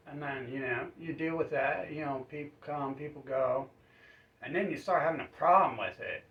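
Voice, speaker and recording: A man's voice: mid-range voice, moderate pace. A man telling a rambling comic story full of fillers. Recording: roomy, distant, dull sound.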